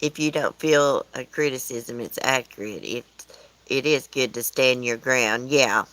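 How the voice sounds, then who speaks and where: A woman with a Southern US accent, her voice sitting deep and low, chats loosely with her livestream viewers. She rambles from topic to topic and answers their comments as she goes, talking from outdoors at home. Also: a little slow, a bit bright, poor audio. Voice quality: chatty, rambling, answers chat comments aloud. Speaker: livestream host. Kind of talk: casual livestream chat with viewers.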